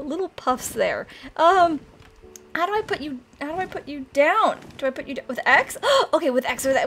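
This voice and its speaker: A young woman hosting a casual game let's-play, bubbly and excitable, often gasping and squealing with delight. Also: sits high, normal speed, slight background noise. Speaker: gaming channel host.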